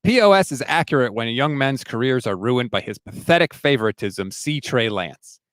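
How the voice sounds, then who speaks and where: A man's voice: medium pitch, lively intonation, moderate pace, dry recording. A man co-hosting a casual sports talk show, wry in tone, reading news and comments. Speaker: podcast co-host.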